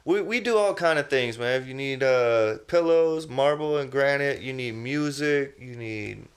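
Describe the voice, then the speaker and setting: A man's voice: mid-range voice, moderate pace. A young adult man hosting a podcast, telling stories loosely and casually, full of "you know what I mean" and "man". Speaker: podcast host. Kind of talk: casual interview chat.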